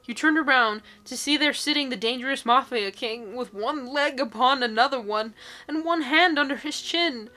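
A woman's voice: high-pitched, normal speed, pushed and bright. A woman in her twenties, a YouTuber reading social media posts aloud and reacting to them with sarcasm and incredulous outbursts. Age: 20s.

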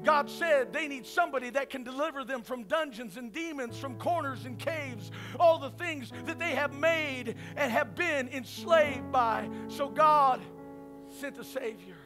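A man preaching a sermon at a church service, swinging between fervent shouts and hushed, quiet passages. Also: very high-pitched, unhurried, music in the background. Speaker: pastor.

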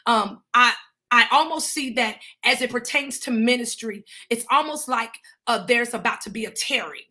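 A woman leads fervent prophetic intercessory prayer, her voice on the high side and her speed normal. She punctuates each phrase with "Father" or "God," swelling into shouts and speaking in tongues.

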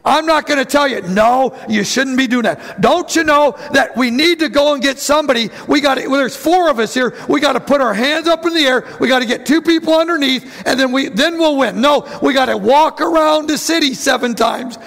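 A man preaching a lively sermon to his church, who acts out the voices of bible figures and calls out to the congregation. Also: extremely high pitch, a little fast, gravelly, few pauses. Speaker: pastor.

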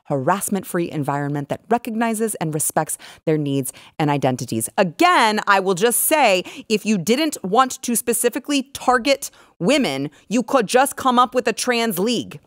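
Woman, talk show host, emphatic, scornful, mid pitch, dry close sound. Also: sing-song, a bit bright, dry recording. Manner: emphatic and scornful, brisk when reading sponsor plugs. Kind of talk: opinionated political talk show.

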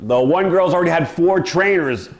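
A man's voice: a little high, normal speed, echoey room. A middle-aged man, a dog trainer, talking emphatically and acting out owners' commands, often asking "right?". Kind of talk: animated monologue.

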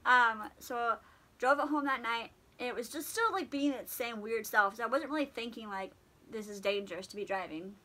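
A young woman vlogger chatting through a casual storytime, animated and full of fillers. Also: fairly high pitch, moderate pace, poor audio.

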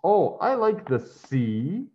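A man's voice: fairly high pitch, sing-song, slow pace, darkish tone, pitched above the performer's own voice. A man voicing a naive, cheerful young male moose who talks in an eager, childlike way. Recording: dull lo-fi sound.

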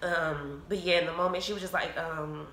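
Animated woman telling a story, acts out quotes, bright voice, roomy echo. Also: sits low, normal speed, a little hiss or hum. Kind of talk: casual storytime monologue.

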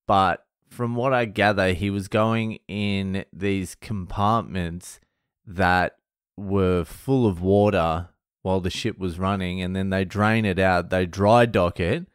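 A man's voice: low-pitched, smooth, dry recording, clean studio sound. A middle-aged Australian man telling a rambling story in a casual monologue vlog, blunt and full of swearing. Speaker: vlogger.

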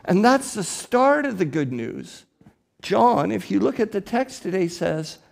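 Slow, gravelly preaching man. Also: sits high, very animated. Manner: slow, deliberate preaching with emphatic rises. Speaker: priest. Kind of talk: sermon. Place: church.

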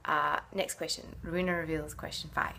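Gravelly, lowish-voiced actress musing casually. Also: female voice, little pitch movement, moderate pace, bright, forceful tone, slight background noise. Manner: chatty and musing, with frequent hesitations. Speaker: actress answering fan questions. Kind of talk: casual fan Q&A to camera.

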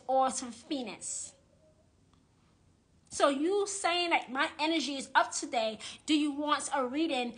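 Woman, witch and tarot reader, high and bright voice, blunt, profane livestream rant. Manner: repeats phrases for emphasis. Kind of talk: live-streamed rant.

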